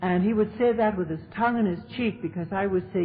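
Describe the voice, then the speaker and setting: A woman's voice: mid-range voice, fast, few pauses. A woman telling her recovery story to an audience as a speaker, in a chatty, humorous way. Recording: tinny lo-fi tape with faint hiss.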